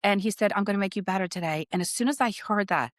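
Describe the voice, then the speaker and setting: A woman's voice: medium pitch, racing, no room sound. Earnest woman telling her story, dry sound. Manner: earnest storytelling, often asks "right?". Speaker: podcast co-host and spiritual medium. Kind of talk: casual spiritual chat.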